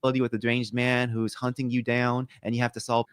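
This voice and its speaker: A man reading a scripted video narration about his workplace in a measured, matter-of-fact way. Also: mid-range voice, completely flat delivery, clean tone, no room sound.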